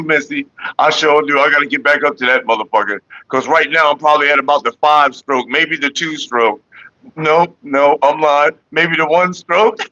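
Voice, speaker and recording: A man's voice: a little high, pushed and bright, no room sound, muffled recording. A young man rambling casually to camera, joking and laughing often. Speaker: vlogger.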